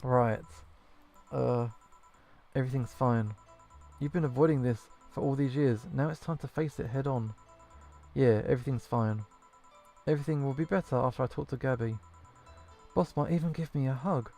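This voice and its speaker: A man's voice: medium pitch, normal speed, vocal fry, dark tone, natural voice. A man reading as a nervous, bitter bartender woman. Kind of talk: reading game dialogue aloud. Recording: faint game music behind.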